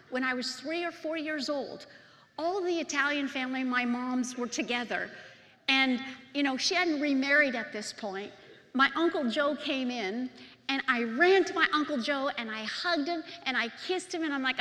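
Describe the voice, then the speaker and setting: Middle-aged woman preacher, heartfelt testimony, a touch high-pitched, long church reverb. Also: moderate pace. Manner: emotional storytelling, swinging from hushed to loud and excited. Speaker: pastor's wife and preacher. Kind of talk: personal testimony sermon.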